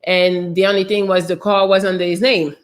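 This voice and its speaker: A woman's voice: lowish voice, little pitch movement, a little fast. A woman host casually telling a personal story, candid, swearing freely and using lots of fillers.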